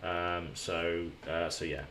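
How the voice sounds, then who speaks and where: A man talks casually on a live stream from a hotel room, his voice sitting a little low. He rambles and repeats himself while answering viewers by name from the chat. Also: monotone, slow pace, a bit bright, a little hiss or hum.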